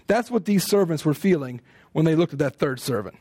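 An American man preaching a sermon, telling stories in an animated way and acting out what people say. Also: a little high, fairly quick, no room sound, clean studio sound. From United States. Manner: animated storytelling, acting out quoted speech.

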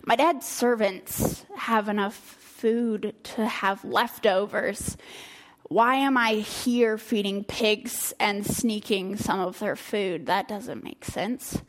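A woman voicing a desperate young man who quietly and nervously pleads and frets. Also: medium pitch, takes it slowly, close to an everyday voice. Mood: frustrated.

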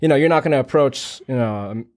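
Young dude on a podcast, blunt and slangy, swears, dry sound. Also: male voice, medium pitch, fast talker, a little mellow, dry recording. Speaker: podcast panel guest. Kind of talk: casual panel chat.

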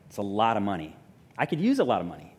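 A man pastor, telling a personal story in a sermon with lively self-mocking humor, then growing soft and quiet for reflection. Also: fairly low pitch, quick pace, husky, long reverb tail. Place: church sanctuary.

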